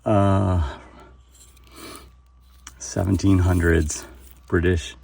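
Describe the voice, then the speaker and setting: A man's voice: deep voice, flat delivery, very slow, vocal fry, a little mellow, husky, no echo, distant mic. A man hosting a metal detecting vlog outdoors at a dig site, talking with lots of fillers and exclamations as he digs. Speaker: metal detecting channel host.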